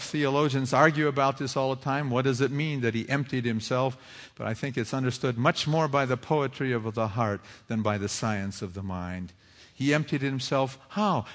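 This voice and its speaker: Preacher man in a reverberant hall. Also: medium pitch. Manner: rhetorical questions, swinging from hushed to rising fervor. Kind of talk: sermon.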